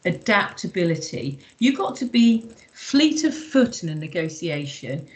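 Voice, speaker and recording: A woman's voice: on the low side, sing-song, unhurried, poor audio. A woman leading an online workshop, chatty and emphatic, with lots of "you know" fillers. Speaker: workshop trainer.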